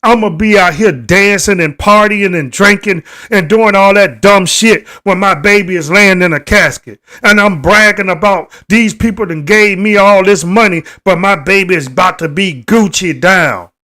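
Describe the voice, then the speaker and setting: A man with a high voice hosts a live stream and talks straight to the people watching. He sounds indignant and repeats his points, asking viewers questions and breaking into emphatic outbursts. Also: normal speed, few pauses, sharp tone. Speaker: livestream host.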